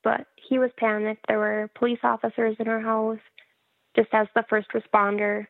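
Woman, frank and wry storyteller, higher voice, gravelly fry, flat delivery, thin phone-like sound. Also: moderate pace, dry recording. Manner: frank, wry, laughs at herself. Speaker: guest telling her birth story. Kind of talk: casual storytelling interview. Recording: tinny phone-like line.

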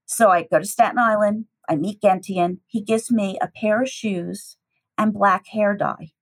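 A breathy, slightly husky woman in middle age spins a personal story at a lively clip. She acts out every exchange, climbing high for the startled voices she quotes and settling low for her own asides. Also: a little slow, rough recording. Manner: lively, acts out dialogue with shifting pitch. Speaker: teacher telling a personal story.

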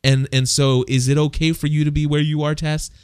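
A man's voice: on the high side, little pitch movement, a little fast, darkish tone, smooth, dry recording, clean studio sound. Earnest man discussing faith. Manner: earnest, repeats words. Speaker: co-host.

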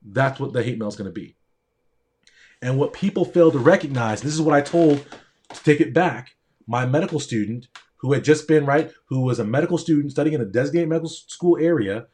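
A man's voice: fairly high pitch, darkish tone. A middle-aged man, a doctor, telling a story in an earnest, emphatic monologue and repeating phrases for stress.

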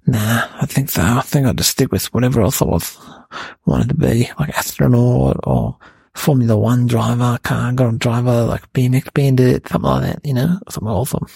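A man playing a cheeky, indignant eight-year-old boy, telling a rambling comic story in a gravelly voice. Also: mid-range voice, animated, moderate pace, a little mellow, dry recording. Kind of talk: comic character monologue.

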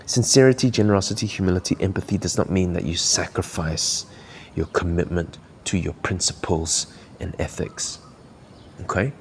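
A man's voice: deep voice, fairly even intonation, normal speed, slight background noise. A man from Malaysia hosting a podcast, giving earnest, encouraging coaching talk while thinking aloud. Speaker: podcast host.

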